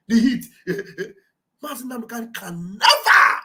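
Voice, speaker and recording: A Nigerian man giving live political commentary, animated and mocking, often laughing and mimicking others, with a preacher-like fervor. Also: extremely high pitch, unhurried, rough recording. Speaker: livestream commentator.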